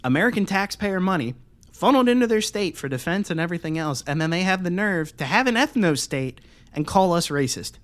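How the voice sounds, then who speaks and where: Podcast co-host, male, slightly high voice, heated profane ranting. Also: animated, fairly quick, fairly bright tone. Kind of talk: casual podcast chat.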